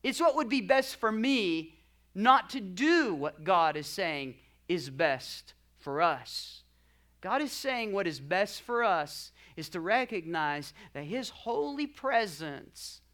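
Bright-voiced impassioned male preacher. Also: high-pitched, sing-song, takes it slowly. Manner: impassioned preaching that swells to loud climaxes; jokey asides to the congregation. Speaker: pastor. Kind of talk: sermon.

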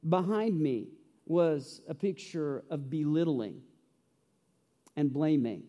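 High-voiced pastor in an echoing hall. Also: male voice, slow, dark tone. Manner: storytelling, humorous, earnest. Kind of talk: sermon. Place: church sanctuary. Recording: reverberant church hall.

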